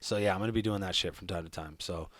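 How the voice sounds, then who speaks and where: A man's voice: sits low, very fast, fairly bright tone, dry recording. Rambling casual man, dry sound. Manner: loose, rambling, lots of fillers. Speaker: podcast co-host. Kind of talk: casual profane chat.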